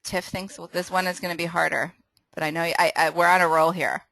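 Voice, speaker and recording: A woman's voice: fairly low pitch, little pitch movement, brisk, creaky, fairly bright tone, no echo, rough recording. A woman hosting a casual sales training call, upbeat and laughing often, running a quiz and restarting her sentences.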